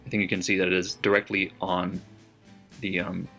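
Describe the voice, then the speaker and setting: A man's voice: deep voice, completely flat delivery, moderate pace, vocal fry, sharp tone. A man casually reading out his margin notes from a book, laughing often and swearing freely. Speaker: book vlogger. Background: faint background music.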